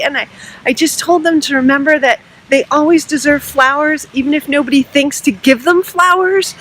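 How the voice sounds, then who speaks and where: A woman vlogging outdoors at night in pouring rain, telling an excited, emotional story and getting choked up. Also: sits high. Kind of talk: casual vlog monologue. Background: rain and passing traffic.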